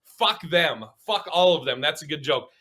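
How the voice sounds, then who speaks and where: A woman's voice: deep voice, animated, moderate pace, fairly bright tone. A man voicing a blunt, fiercely loyal woman comedian who profanely tells her friend to ignore a hostile crowd. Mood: defiant. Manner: defiant, profane reassurance.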